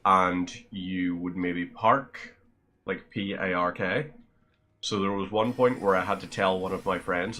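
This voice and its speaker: Northern irish guy chatting on a game stream, deep voice, rambly, talks to chat. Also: steady tone, a little slow, sharp tone. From Northern Ireland. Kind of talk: casual chat while live-streaming a game.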